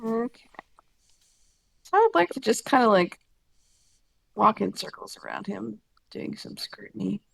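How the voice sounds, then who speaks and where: A woman's voice: medium pitch, sing-song, a little slow, creaky, pauses often, a bit bright, slightly rough, no room sound. A woman playing a tabletop game, talking casually with a joking, hesitant manner. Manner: joking, hesitant, self-correcting. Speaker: player.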